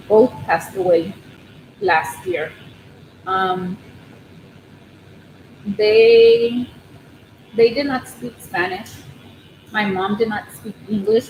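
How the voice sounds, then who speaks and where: A woman hosting a casual livestream from her living room, nervous and rambling, with many ums and restarts. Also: medium pitch. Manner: nervous, soft-spoken. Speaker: crochet channel host on a livestream. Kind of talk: casual live chat with viewers. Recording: roomy room with steady background noise.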